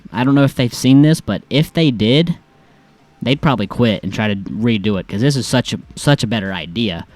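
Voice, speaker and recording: A man's voice: mid-range voice, no room sound. Rambling self-mocking man reading posts. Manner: rambling, self-mocking, stumbles over words. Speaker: reaction video host. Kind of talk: casual commentary reading posts aloud.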